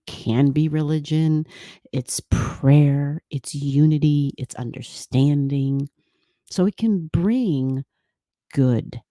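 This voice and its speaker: Low, unhurried woman chatting about astrology. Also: mellow, dry recording, studio quality. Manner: playful, laughing, chatty with quoted asides. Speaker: astrology channel host. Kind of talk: casual explanatory talk to camera.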